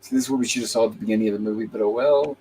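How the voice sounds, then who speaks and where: A man's voice: fairly low pitch, steady tone, racing, mellow, slight background noise, rough recording. A man hosting a live-stream movie review panel, talking casually and retelling the plot by quoting the characters' lines. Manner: conversational, with restarts. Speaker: host.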